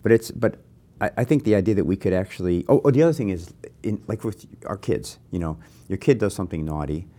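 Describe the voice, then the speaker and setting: Host: older man with a very low voice, animated and anecdotal, pokes fun at himself. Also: fast talker. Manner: animated, anecdotal, self-deprecating. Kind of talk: conversational interview.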